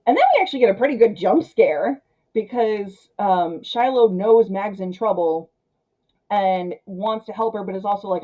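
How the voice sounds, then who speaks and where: A woman reviewing a film in a chatty, animated way, full of fillers like "um" and "like.". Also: mid-range voice, moderate pace, poor audio.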